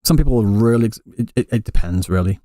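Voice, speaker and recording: A man's voice: fairly low pitch, quick pace, warm tone, no echo, clean studio sound. A male streamer living in Japan answering live chat questions in a casual, rambling way with many restarts. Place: Japan, Kansai area.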